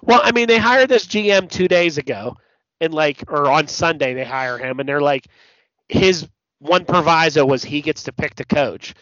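A man on a casual podcast, blunt and a little profane, who tells stories with animated asides. His voice sits a touch high, with a dry, close sound and a dull, lo-fi recording. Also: normal speed, dry recording. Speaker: podcast co-host. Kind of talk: casual sports chat.

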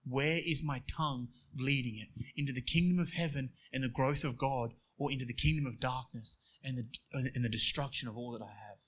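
A man preaching a sermon, moving between quiet storytelling and emphatic passages. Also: mid-range voice, brisk, few pauses, breathy edge.

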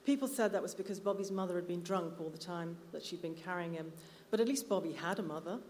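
A lower-pitched woman reads her story aloud, measured and unhurried. The reading echoes through a reverberant hall, with faint room ambience behind. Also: a little mellow, slight background noise. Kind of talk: live literary reading. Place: live literary night venue.

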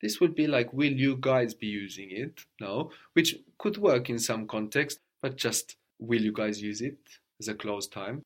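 A man's voice: medium pitch, a little slow, hardly any pauses. A man teaching a language lesson, patiently prompting his student and often checking with a questioning "no?".

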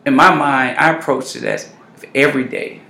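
A man's voice: medium pitch, a little fast, creaky, pushed and bright. A man hosting a conversation, earnest and affirming as he raises questions. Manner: earnest, with many affirming mm-hmms. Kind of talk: conversational interview. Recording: roomy echo.

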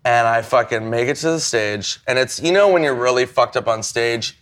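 A man with an ordinary middle pitch telling a self-mocking story about a drunken night. He swears freely and plays out his own inner voices. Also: moderate pace, fairly bright tone. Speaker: comedian guest. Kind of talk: casual storytelling chat.

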